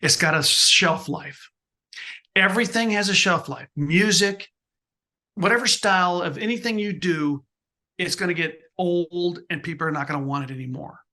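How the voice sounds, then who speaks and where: 60s guy giving pep-talk advice in an interview, bright punchy voice, keeps restarting his sentences. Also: sits high, normal speed. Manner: emphatic, repeats and restarts phrases. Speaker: photographer, interview guest. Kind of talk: motivational interview answer.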